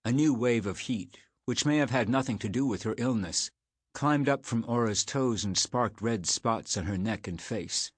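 A man narrating an audiobook in a measured, unhurried way. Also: medium pitch, breathy edge, no room sound.

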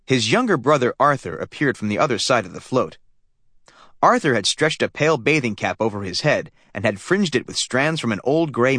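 A man narrating a children's audiobook in a lively storytelling manner. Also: mid-range voice, brisk, no room sound, clean studio sound. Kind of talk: scripted narration.

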